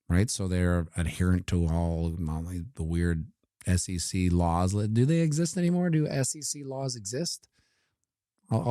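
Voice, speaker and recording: Deep mellow guy rambling over crypto charts, cracks little jokes, dry close mic. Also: dry recording. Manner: joking asides, talks while scrolling. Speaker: crypto market commentator. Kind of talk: casual live chart commentary.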